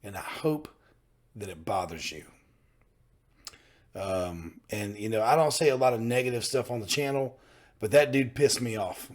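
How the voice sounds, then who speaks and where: A man's voice: on the low side, animated, moderate pace, long pauses. A man hosting a reaction channel, talking in an earnest, fired-up way and repeating himself for emphasis. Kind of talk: casual reaction commentary.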